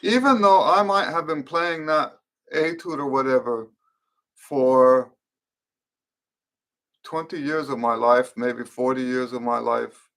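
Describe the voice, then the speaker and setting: A middle-aged trumpet teacher fields questions on a live stream, his explanations unhurried and reflective, dotted with fillers and restarts. His voice is mid-range and a bit bright.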